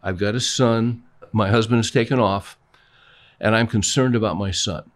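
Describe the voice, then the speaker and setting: A fairly low, fairly even voice at a moderate pace belongs to an older man who is a pastor and co-host. Talking informally, he tells stories and acts out both speakers in dialogues.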